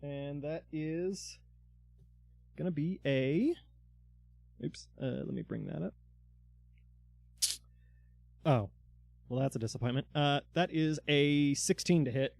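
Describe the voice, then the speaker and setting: A man's voice: fairly high pitch, unhurried, vocal fry, long pauses, darkish tone, no echo, clean studio sound. A man narrating a tabletop game as dungeon master, in loose narration full of fillers.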